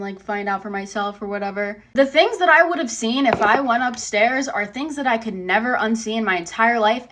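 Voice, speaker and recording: A woman's voice: a little high, fairly bright tone. A young woman telling a casual storytime, blunt, sarcastic and full of swearing. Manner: blunt and heavily profane, sarcastic.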